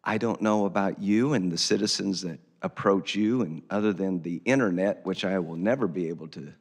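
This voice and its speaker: A man's voice: sits low, moderate pace, darkish tone. A man, a county commissioner, speaking at a public council meeting in a folksy, emphatic way that repeats points for effect. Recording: hall reverb.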